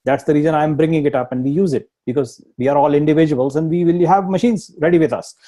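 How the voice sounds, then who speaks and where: Indian-accented male instructor, slightly high, mellow voice, patient repetitive explainer. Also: fast talker. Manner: explanatory, repeats points, laughs at himself. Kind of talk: live online tech lesson.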